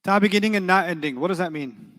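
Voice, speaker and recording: A man teaching an Arabic grammar class, quizzing his students with quick rhetorical questions in a playful, teasing way. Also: high-pitched, a bit bright, in a large hall.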